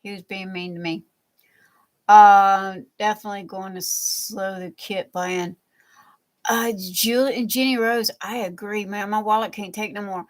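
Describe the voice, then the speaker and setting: A woman's voice: mid-range voice, steady tone, measured pace. A woman hosting a live crafting stream from home, chatting playfully with viewers and laughing often. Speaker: livestream crafting host. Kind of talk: casual live chat reading viewer comments.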